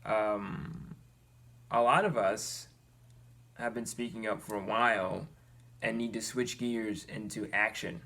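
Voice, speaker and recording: A young man earnestly talking to his viewers, animated and exasperated, with his pitch climbing when he gets worked up. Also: slow, gravelly. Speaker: vlogger. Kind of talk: personal commentary to camera.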